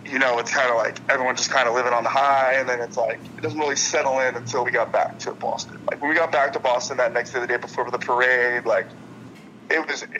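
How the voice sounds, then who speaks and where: A man's voice: medium pitch, bright, forceful tone, highs cut off, slight background noise. A young man being interviewed as a ballplayer, telling stories in a rambling way with many restarts. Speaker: guest, professional baseball player. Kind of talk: casual interview conversation.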